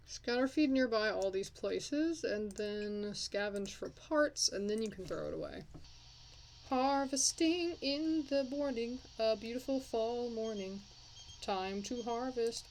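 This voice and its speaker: A woman's voice: on the high side, animated, a little slow. A young woman hosting a casual game commentary, chatting and swearing at her characters as she plays. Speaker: let's play host.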